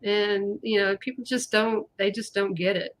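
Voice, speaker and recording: A woman's voice: mid-range voice, fairly even intonation, moderate pace. A woman hosting a casual live chat, rambling and chatty with lots of fillers. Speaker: host.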